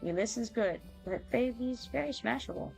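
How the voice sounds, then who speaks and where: A woman's voice: on the high side, moderate pace, gravelly, a little mellow, soft background music, pitched above the performer's own voice, rough recording. A woman voicing a mischievous little male goblin helper who speaks in broken baby-talk grammar, reading quest dialogue aloud. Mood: impish.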